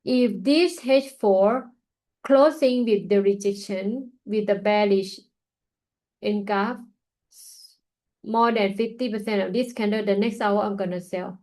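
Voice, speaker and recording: Woman hosting a trading webinar, tired and yawny, lots of ums and okays, mid-pitched voice, broken english, just thinking out loud over the charts. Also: unhurried, low-quality recording. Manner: loose non-native English grammar, many fillers; casual, thinking aloud while watching charts. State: tired, yawning. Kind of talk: live market analysis.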